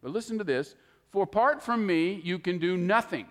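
A man's voice: high voice, expressive, normal speed, a bit bright. A man preaching a sermon, explaining scripture in an earnest, emphatic way and often quoting verses. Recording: long hall reverb.

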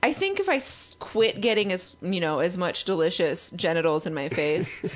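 Wry deadpan woman podcast guest. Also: on the low side, moderate pace. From Seattle. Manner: wry, deadpan, laughs often. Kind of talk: casual chat.

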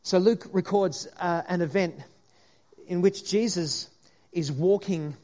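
A man's voice: sits high, slow pace, darkish tone. A man preaching a sermon in an earnest way, with frequent restarts and the aside "if you like".

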